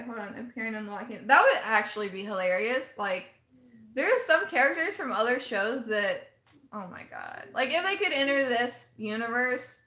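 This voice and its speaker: Chatty woman live-streaming in an echoey room. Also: on the high side. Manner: chatty, animated, laughs often, reads out chat comments. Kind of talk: casual live chat reacting to viewer comments.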